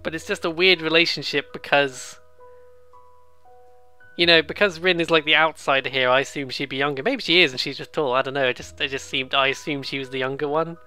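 Giggly, bright-voiced let's play host. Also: mid-range voice, fairly even intonation, clean tone, faint music behind. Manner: giggly, self-deprecating, quick asides. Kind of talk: casual game commentary.

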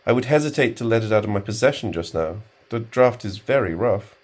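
A man voicing an indignant, pompous male graduate student who speaks in a stiffly formal way and takes offense quickly. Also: lowish voice, expressive, a little mellow, voice pushed up.

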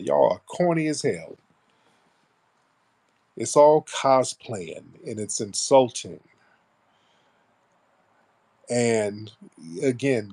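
A man's voice: mid-range voice, a little mellow. A man hosting a casual live stream, talking bluntly and sarcastically about the news. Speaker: host.

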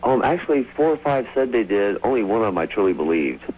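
Excited man calling in over a tinny phone line. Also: lowish voice, fast talker. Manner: excited, rambling storyteller. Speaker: caller. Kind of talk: casual phone-in storytelling. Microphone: telephone.

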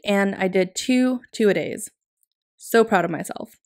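A woman vlogger with a medium-pitched voice chats casually in a voice-over about decorating her planner. She's upbeat and laughs easily.

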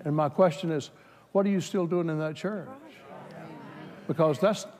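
A man preaching a sermon, moving from plain talk to loud, fervent exhortation. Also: moderate pace. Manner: builds from plain talk to shouted, high-pitched fervor. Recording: hall reverb.

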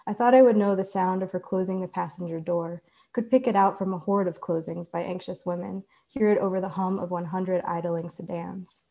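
A woman author reading her own fiction aloud in a measured, deliberate way. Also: lowish voice, fairly even intonation, warm tone. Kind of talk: literary reading.

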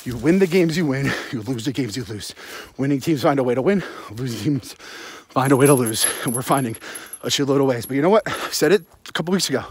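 A man's voice: medium pitch, animated, brisk, slightly rough. A young man, out of breath, ranting and swearing about a football game into his phone while jogging outdoors at night. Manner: rambling, sarcastic, heavy swearing. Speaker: sports podcast host. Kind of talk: profane postgame rant while jogging. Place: outdoors at night, running in the cold.

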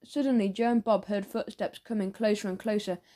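A woman narrating a children's audiobook in a playful, expressive storytelling manner. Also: medium pitch, fairly quick.

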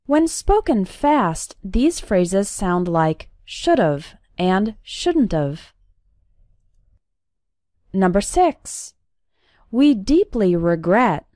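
A woman reading a scripted English lesson, saying example phrases slowly and carefully. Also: medium pitch, darkish tone, no room sound, clean studio sound. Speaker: English teacher.

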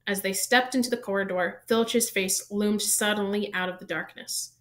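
Woman narrator, book read aloud, even and steady. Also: mid-range voice, normal speed. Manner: even storytelling pace, small self-corrections. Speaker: reader. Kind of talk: reading a novel aloud.

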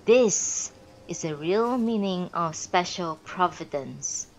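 A woman reading a classic novel aloud on a live stream, expressive with pauses and small self-corrections. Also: fairly low pitch, rough recording. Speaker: narrator and streamer.

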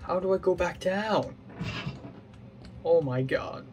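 A man talking himself through a game puzzle, muttering his guesses aloud and now and then mocking his own mistakes. His voice sits a little above the usual pitch for a man, and a faint hiss runs underneath it. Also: takes it slowly, darkish tone. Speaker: gaming channel host. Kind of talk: playing a puzzle game while thinking aloud.

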